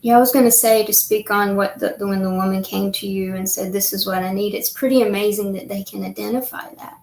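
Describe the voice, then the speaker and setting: A woman's voice: mid-range voice, fairly even intonation, brisk, gravelly, darkish tone, roomy sound, rough recording. A woman hosting an online panel, affirming others and reflecting on caregivers' needs. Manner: affirming, many mm-hmms, reflective. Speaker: host. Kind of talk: panel discussion. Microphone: video call.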